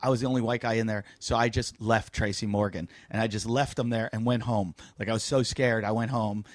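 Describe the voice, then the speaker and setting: A man's voice: fairly low pitch, steady tone, fairly quick, no echo. A man, a comedian guest on a podcast, telling stories in rambling casual chat full of fillers. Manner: rambling storyteller with many fillers.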